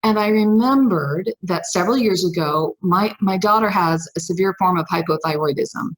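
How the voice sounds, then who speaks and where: A woman guest on a podcast, telling her own story in an emphatic, animated way and acting out the dialogue. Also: on the low side, moderate pace, poor audio. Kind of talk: personal storytelling.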